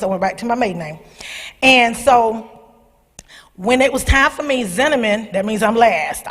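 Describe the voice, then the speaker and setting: A middle-aged woman, husky-voiced, telling a personal testimony to young people in a church, animated and calling out to her listeners. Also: a little high. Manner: animated storytelling, calls out to the audience. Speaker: speaker at a church youth service. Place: church sanctuary. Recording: long hall reverb.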